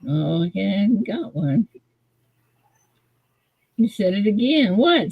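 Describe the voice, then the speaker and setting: Woman, live-show host, lively playful banter, slightly breathy voice. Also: mid-range voice, a little slow, long pauses, dry recording, rough recording. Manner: laughing, playfully defensive banter. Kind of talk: casual live-stream chat.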